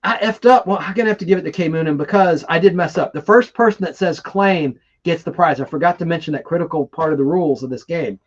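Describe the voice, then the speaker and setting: Excitable man hosting a lo-fi livestream. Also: a little high, fast talker, few pauses. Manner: rambling, excitable, reads viewer comments aloud. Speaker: livestream host. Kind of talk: casual live chat and trivia hosting.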